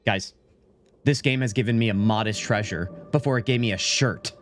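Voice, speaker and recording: A man live-streaming a game, chatting with his viewers in an animated, mock-indignant, joking way into a desk microphone. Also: fairly low pitch, normal speed, faint music behind. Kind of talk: casual gaming live stream, talking to chat.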